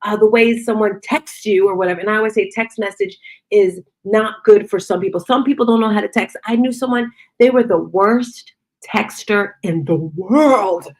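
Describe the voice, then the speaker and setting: A middle-aged woman giving a casual motivational talk, expressive and chatty, acting out conversations as she goes. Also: mid-range voice, normal speed. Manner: expressive, acts out quoted conversations. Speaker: motivational speaker and fitness studio owner.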